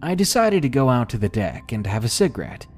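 A man narrating a scary story in slow, expressive storytelling. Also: mid-range voice, soft background music. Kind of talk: scripted horror story narration.

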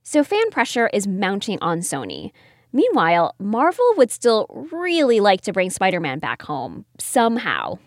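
Expressive woman narrating a podcast. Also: mid-range voice, unhurried, no echo, clean studio sound. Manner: polished, expressive storytelling. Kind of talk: scripted narration.

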